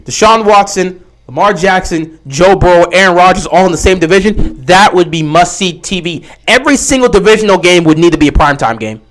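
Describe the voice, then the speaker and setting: A young man casually commenting on a football game during a livestream, answering viewers' questions with animated talk. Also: high-pitched, fairly quick. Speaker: livestream host.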